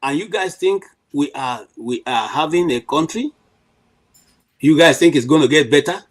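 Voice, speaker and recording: Impassioned Nigerian man, high and lively. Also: moderate pace, low-quality recording. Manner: emphatic, many restarts and "you know" fillers. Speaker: panel commentator. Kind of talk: impassioned political commentary.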